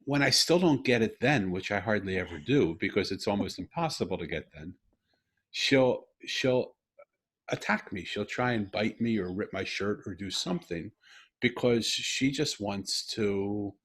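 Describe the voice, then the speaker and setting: A husky, fairly low-voiced middle-aged man hosting a podcast from a video call. He tells a personal story earnestly, breaking off and restarting, then pushing hard on key lines. The voice carries a slight rasp throughout. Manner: earnest, halting with restarts, rising to animated emphasis. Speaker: podcast host. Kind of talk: conversational storytelling. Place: home room over video call.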